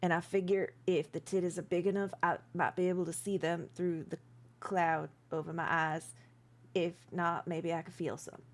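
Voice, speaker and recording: A woman's voice: lowish voice, flat delivery, normal speed, close to an everyday voice. A woman voicing a timid, eager-to-please old male helper with cloudy eyes. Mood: bashful.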